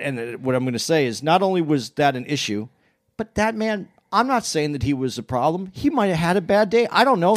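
Guy telling a long story, kinda high voice, lots of restarts and backtracking, gets animated. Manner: rambling, many restarts and self-corrections; animated when retelling exchanges. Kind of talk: casual storytelling chat.

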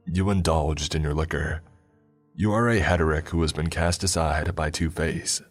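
A man's voice: rumbling low, steady tone, moderate pace, breathy edge, faint music behind. A man voicing an unseen male cult prophet who speaks coldly and harshly, with a garbled, distorted sound. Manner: cold and harsh, mocking. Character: cold disembodied male cult prophet, cruel, commanding.

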